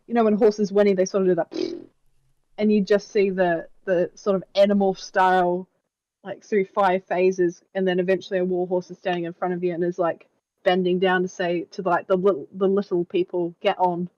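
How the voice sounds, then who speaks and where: Animated woman player with sound effects. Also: on the low side, moderate pace, no room sound, dull audio. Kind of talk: playing a tabletop game.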